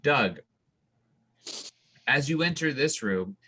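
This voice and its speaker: A young man narrating a tabletop game as game master, describing scenes in a relaxed way with fillers. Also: medium pitch, slow pace, slightly rough.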